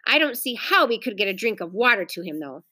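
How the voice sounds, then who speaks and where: Woman doing a young boy, earnest and fretful, bright high voice, very lively, storybook reading. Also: fairly quick, husky, exaggerated voice. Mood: gloomy. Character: eager young boy who owns a dog.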